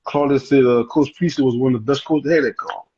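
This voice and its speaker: A man co-hosting a casual online show, talking loudly and excitably over a video call. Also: medium pitch, fast talker, muffled recording, slight background noise.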